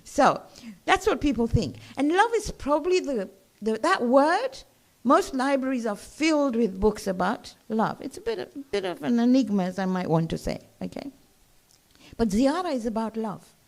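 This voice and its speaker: Woman lecturer, slightly high voice, conversational, explains to her audience and asks them to follow along. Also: big pitch swings, moderate pace, gravelly. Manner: conversational, checks in with listeners. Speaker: religious lecturer. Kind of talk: religious lecture to a gathering.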